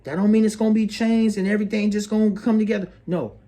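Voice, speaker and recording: A man's voice: sits high, steady tone, fast talker, mellow. A man hosting an astrology video, earnest and preachy, repeating phrases and calling the listener bro and sis. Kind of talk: motivational astrology monologue.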